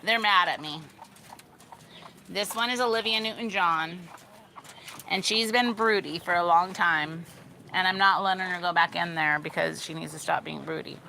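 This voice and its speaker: A woman's voice: lowish voice, moderate pace, vocal fry, sharp tone, a little hiss or hum. A young woman casually rambling through a backyard tour, full of "like" and "you know," often stopping to chat with her animals outdoors. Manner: rambling, filler-heavy, chatting to her animals. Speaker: vlogger giving a backyard tour.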